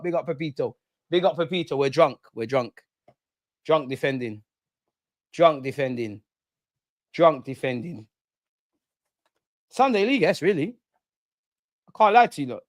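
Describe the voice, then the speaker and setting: A man's voice: a little high, expressive, moderate pace, pauses often, dry recording. A young man hosting a live football watch-along, reacting passionately with slang, banter and frequent swearing. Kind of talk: live match reaction commentary.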